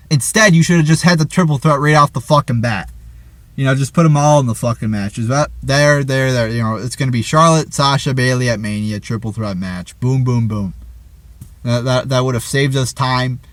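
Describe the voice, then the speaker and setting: A man's voice: mid-range voice, no room sound. A man reviewing a wrestling show in an angry, profane rant, often stammering and repeating his words.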